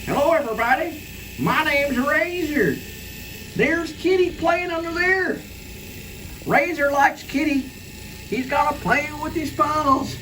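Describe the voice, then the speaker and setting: A playful little male pet called Razor squeaks out a slow, sing-song greeting in a home vlog, as a man puts the voice on. The voice sits far above a normal speaking range and sounds a little distant from the mic. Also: sharp tone, a little hiss or hum, exaggerated voice.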